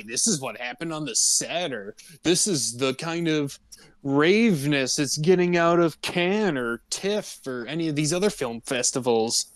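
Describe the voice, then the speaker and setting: A man's voice: fairly high pitch, dry recording. A young man co-hosting a podcast in casual chat, laid-back, mostly giving short replies. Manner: laid-back, brief replies, frequent laughs. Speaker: podcast co-host.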